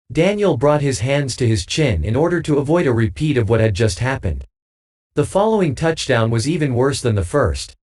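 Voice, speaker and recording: A man narrating a comic audiobook story, reading every character's lines himself. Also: medium pitch. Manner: reads with lively dialogue voices.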